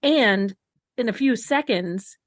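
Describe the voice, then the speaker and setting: A woman's voice: fairly high pitch, expressive, no echo. Wry woman co-hosting a podcast, dry sound. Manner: wry, measured commentary, prone to laughing. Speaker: podcast co-host. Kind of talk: casual podcast chat.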